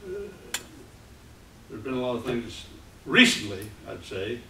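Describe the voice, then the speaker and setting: Halting elderly man at a public meeting. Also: medium pitch, big pitch swings, creaky, sharp tone. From United States. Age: 80s. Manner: rambling, halting, folksy. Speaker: public commenter. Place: meeting room. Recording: echoey room, distant mic, noisy.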